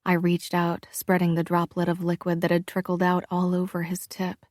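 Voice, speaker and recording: A woman narrating a first-person romance audiobook in a slow, hushed, intimate manner. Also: on the low side, completely flat delivery, dry recording, studio quality.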